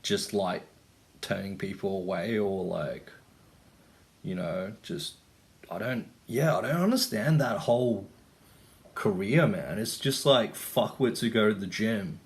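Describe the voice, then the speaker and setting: A young male vlogger with a lowish voice talks unhurriedly in a casual rant, telling stories. He rambles and swears, filling his speech with "like" and "you know."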